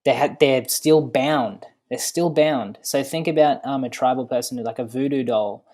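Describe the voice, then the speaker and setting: A man who is a podcast guest, explaining ideas thoughtfully with many pauses and fillers. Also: mid-range voice, a little mellow. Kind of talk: casual podcast conversation.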